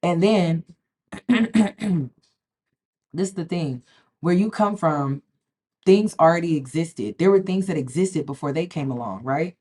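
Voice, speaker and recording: A woman's voice: low voice, a little slow, pauses often, dark tone. A woman talks straight to her viewers in a casual vlog. She is emphatic, stumbles and repeats words, and keeps checking in with "okay?". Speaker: spiritual vlogger. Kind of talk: casual direct-to-camera talk.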